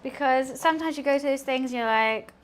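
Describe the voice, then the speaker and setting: A young British woman streaming from her kitchen while she cooks, telling rambling, excitable stories and laughing often. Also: high voice, brisk, clear, resonant tone. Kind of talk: casual chat while cooking on a livestream.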